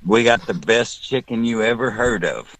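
A man's voice: on the low side, animated, moderate pace, fairly bright tone, dry recording, low-quality recording. A man from South Texas, a guest on a casual podcast call, chatty and joking, often restarting his sentences.

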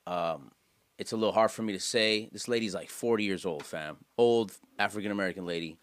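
A man's voice: fairly low pitch, fairly quick, smooth, dry recording. A man co-hosting a casual stream, telling stories animatedly and reading chat aloud. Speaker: stream co-host.

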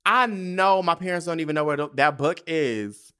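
A man's voice: a little high, moderate pace, bright, forceful tone, smooth. Young male podcast host, casual solo storytelling, candid and profane, emotional about his past. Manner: candid, profane, emotional, often tearful and laughing.

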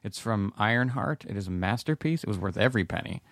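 A man's voice: fairly low pitch, animated, fast talker, fairly bright tone, dry recording. A middle-aged man, a podcast guest telling stories with dry jokes in casual chat. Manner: dry, joking storyteller.

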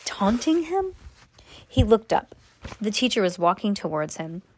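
A woman reading a bedtime chapter aloud to her children, unhurried and expressive, with small slips. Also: mid-range voice, husky. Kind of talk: bedtime story read aloud. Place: home at bedtime.

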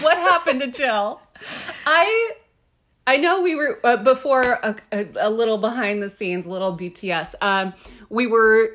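A woman's voice: fairly high pitch, moderate pace, a bit bright. A woman co-hosting a podcast in casual chat, effusive and giggly. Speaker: podcast co-host.

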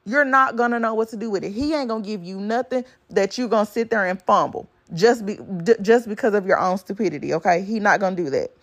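A woman's voice: mid-range voice, quick pace, hardly any pauses. A woman with talks straight to her listeners, blunt and preachy, with swearing woven through her advice. She hammers each point home with a repeated "okay?" in a casual podcast monologue. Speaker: podcast host. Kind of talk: casual motivational talk.

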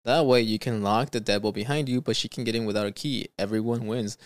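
Slangy, animated male podcast host. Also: lowish voice, quick pace, dry recording, clean studio sound. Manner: animated, slangy, says "bro" and "dude" often. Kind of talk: casual podcast chat, reading stories aloud.

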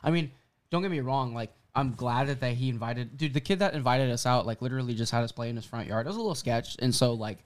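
A man's voice: mid-range voice, quick pace. A man in a band, co-hosting a podcast in loose, profane, rambling casual chat. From Southern California. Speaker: band member, podcast co-host.

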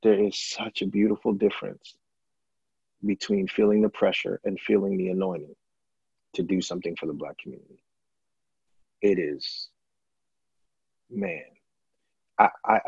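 Black pastor guy talking real passionate, husky voice, kinda muffled dry sound. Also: fairly even intonation, normal speed, pauses often, dry recording. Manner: impassioned, rising loud and high when stirred. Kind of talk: candid conversation.

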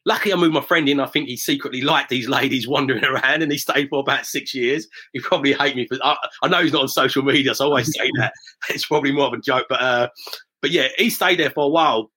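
Quick-talking and anecdotal, this middle-aged guest is a property investor from near Romford in south-east England. His medium-pitched voice is bright with a slight huskiness, and while telling stories in a relaxed interview he imitates the people he's quoting.

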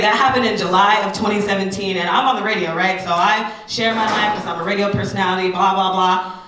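A woman in her thirties, a radio personality, giving a candid personal testimony talk to an audience, animated and full of asides. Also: mid-range voice, heavy reverb, distant mic, slight background noise, low-quality recording.

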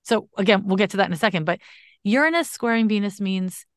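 A woman's voice: mid-range voice, fast talker, dry recording. Emphatic woman astrologer, dry sound. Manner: emphatic, animated, casual swearing. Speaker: astrologer podcast host. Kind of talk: conversational astrology reading.

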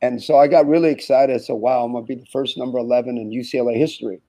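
A man's voice: mid-range voice, racing. A man in his sixties, a former college basketball player, telling stories in an interview and acting out the dialogue with laughter. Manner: animated storyteller who acts out quoted dialogue and laughs often. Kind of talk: anecdotal storytelling in an interview.

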